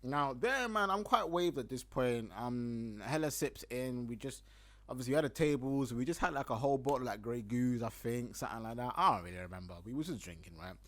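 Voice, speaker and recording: A young man with a London accent tells a story on his podcast, his voice jumping up and down as he gets into it. He is animated, acts out his own words loudly and laughs a lot, at an ordinary middle pitch. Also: fairly quick. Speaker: podcast host. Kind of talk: casual storytelling monologue.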